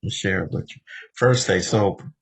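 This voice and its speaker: A man's voice: deep voice, a little fast, husky. A man in his seventies from Los Angeles, telling his story as the speaker at a recovery meeting and talking straight to the room. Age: 70s. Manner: conversational storytelling, often addressing the room directly. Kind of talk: personal recovery share.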